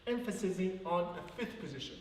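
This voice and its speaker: A man's voice: high voice, animated, a little fast. A man teaching a live ballet class, speaking earnestly and counting out rhythms aloud. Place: large echoey dance studio. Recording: far-off voice in an echoey hall.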